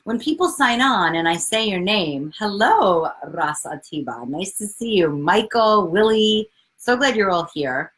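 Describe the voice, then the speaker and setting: A woman in her forties hosting a casual live video chat, bubbly and excitable, swearing freely and greeting viewers by name. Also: mid-range voice, measured pace. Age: 40s. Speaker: livestream host, coach.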